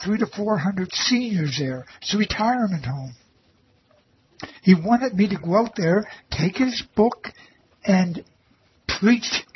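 A man with a high, slightly rough voice shares a personal faith testimony about reading the Bible to elderly residents as a volunteer. He speaks earnestly and reverently, often repeating phrases for emphasis. The lo-fi recording sounds slightly dull, with faint ambience.

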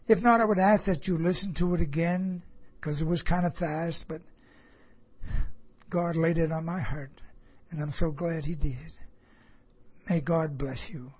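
A man delivers a sermon in a high, husky voice, taking his time over each phrase. He asks his listeners rhetorical questions and chuckles at himself. The recording is dull and lo-fi. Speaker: preacher.

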